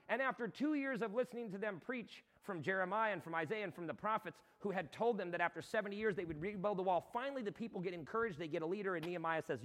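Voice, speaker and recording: A man preaching a sermon in a high, bright voice, talking to the congregation like friends and rising now and then to a shout. His voice rings out with a long hall echo behind it, as if from a church sanctuary. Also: expressive, quick pace. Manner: impassioned, conversational preaching with sudden shouts. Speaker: pastor.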